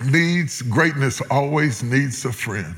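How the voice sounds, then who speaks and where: A man preaching a sermon as a guest preacher, swinging between loud, soaring lines and hushed, low ones. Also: animated, slow pace. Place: large church auditorium with live congregation. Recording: echoey hall with loud congregation.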